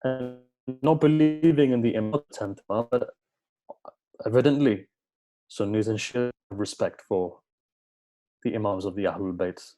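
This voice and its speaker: Earnest man preaching in a mellow voice. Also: lowish voice, normal speed, pauses often, faint music behind. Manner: earnest, repeats phrases for emphasis, acts out quoted dialogue. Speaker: speaker at a religious gathering. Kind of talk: sermon with storytelling.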